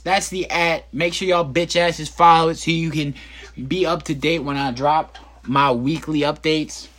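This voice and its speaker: A man's voice: a little high, fairly bright tone. A man hosting a casual solo podcast from his bedroom, rambling and joking with plenty of swearing. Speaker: podcast host.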